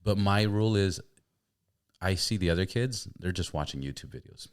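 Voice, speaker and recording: Man, very low voice, lively pitch, animated storyteller, casual chat. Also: moderate pace, clean tone. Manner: animated storyteller, repeats words when starting. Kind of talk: casual conversation.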